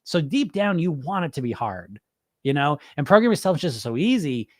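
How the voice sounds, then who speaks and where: A male podcast host talks loosely through viewer comments. He rambles and swears freely. His voice sits on the higher side, and the sound is dry and close. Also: fairly quick, no echo. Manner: animated, profane, rambling. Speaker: podcast host and weight-loss coach. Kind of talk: casual podcast chat answering viewer comments.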